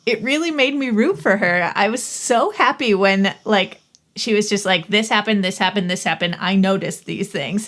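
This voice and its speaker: A woman's voice: medium pitch, normal speed, a bit bright. Laughing, enthusiastic woman reviewing films. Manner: enthusiastic, laughs easily, swears. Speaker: podcast co-host. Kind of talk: casual movie review chat.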